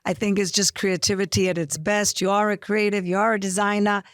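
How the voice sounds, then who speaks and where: A woman's voice: mid-range voice, little pitch movement, fairly quick, fairly bright tone, dry recording, clean studio sound. A woman co-hosting an interview, asking questions with open enthusiasm. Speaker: co-host. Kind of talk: interview conversation.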